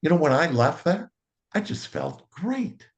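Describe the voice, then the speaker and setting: A man hosting a casual group chat, telling a lively personal story with frequent laughs. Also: fairly high pitch, a little slow. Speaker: host.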